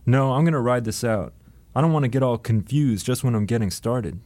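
A man voicing a dizzy, bewildered young man who asks startled, plaintive questions, pitched well above his own voice. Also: fairly quick, a little mellow, no echo, lightly acted. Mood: wary.

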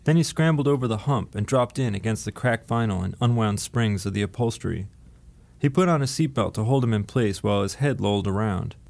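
A man narrating an audiobook in a steady, dry storytelling manner. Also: fairly low pitch, brisk, creaky.

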